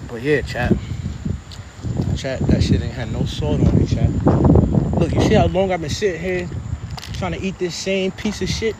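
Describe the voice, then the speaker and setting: A man's voice: fairly high pitch, normal speed, pauses often. A man rambling and joking crudely to his live viewers while walking along a road and eating. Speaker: livestreamer. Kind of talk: casual rambling live stream. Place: outdoors on a road. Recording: loud outdoor street noise with traffic and insects.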